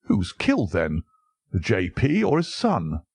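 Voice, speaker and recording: A man's voice: low-pitched, huge pitch swings, a little slow, vocal fry, darkish tone, breathy edge, no room sound, exaggerated voice. A man voicing a hearty, easygoing older country colonel.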